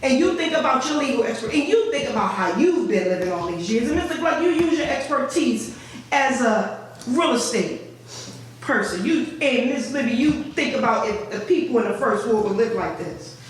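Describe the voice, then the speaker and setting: A woman's voice: fairly high pitch, expressive, moderate pace. An older woman, a housing resident, speaking at a board meeting's public comment, emotional and pleading, repeating herself for emphasis. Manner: impassioned, pleading, repetitive. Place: meeting room. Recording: very echoey room, distant, faint noise.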